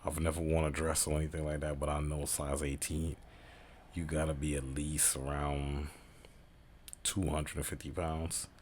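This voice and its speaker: A man's voice: rumbling low, flat delivery, moderate pace, darkish tone, slight background noise. A man hosting a casual reaction video, talking in a slangy, rambling, offhand way.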